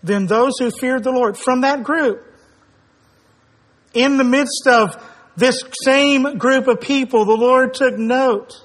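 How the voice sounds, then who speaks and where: A man's voice: very high voice, slow. A man preaching a sermon, earnest and emphatic, stressing his words and sometimes acting out quoted speakers.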